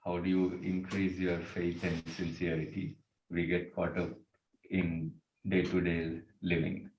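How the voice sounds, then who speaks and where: Soft audience questioner, roomy sound. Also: low voice, level tone, unhurried, dull audio, a little hiss or hum. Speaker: audience member asking a question.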